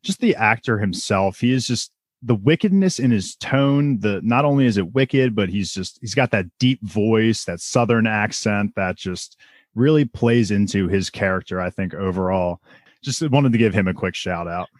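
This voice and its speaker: A man co-hosting a podcast, giving excited commentary with casual swearing. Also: fairly low pitch, normal speed, dry recording, clean studio sound. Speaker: podcast co-host. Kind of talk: casual chat.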